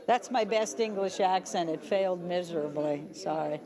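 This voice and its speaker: A woman moderates a conference, chatty and quick to apologize or joke at her own expense. Her pitch sits in a middle range. Faint audience chatter murmurs behind her in the hall. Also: steady tone, a little mellow. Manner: chatty, self-deprecating, apologetic. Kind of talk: casual event moderation.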